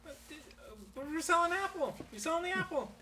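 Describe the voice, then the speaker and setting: A man doing a squeaky, cowardly goblin. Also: expressive, normal speed, bright, forceful tone, slight background noise, full character voice. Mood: nervous. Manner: squealing, high-pitched.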